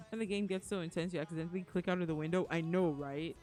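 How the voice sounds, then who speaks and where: A woman's voice: fairly low pitch, lively intonation, fast talker, a little mellow. A woman streaming a video game live, talking emotionally and repeating pleading phrases as she plays. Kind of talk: live gaming stream chat. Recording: game music playing behind.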